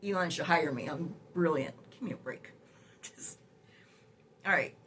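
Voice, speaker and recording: A woman's voice: deep voice, measured pace, a bit bright, slight background noise. An older woman, a great-grandmother, telling a story in a casual vlog with sassy, exasperated remarks and frequent laughter. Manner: laughs often while talking. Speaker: vlogger.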